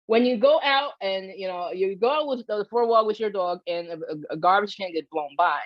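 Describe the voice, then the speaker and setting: Brief: woman behavior consultant, animated explainer, dull and dry video-call sound. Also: mid-range voice, fairly quick, no room sound. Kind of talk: educational webinar talk.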